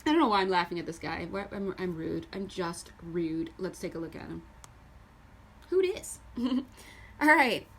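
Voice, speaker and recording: A woman giving a casual tarot reading to her viewers. She is chatty and animated, often laughing as she goes. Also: on the low side, moderate pace, breathy edge. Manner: addresses viewers directly. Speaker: tarot reader.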